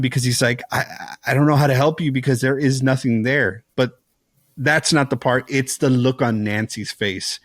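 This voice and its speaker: On a podcast, a male co-host recounts a scary film scene in loose, casual chat, his delivery animated and packed with "like"s and restarts as he keeps slipping into the characters' lines. He's a father, young adult to middle-aged, with a medium-pitched voice. The sound is close and dry, with no room sound.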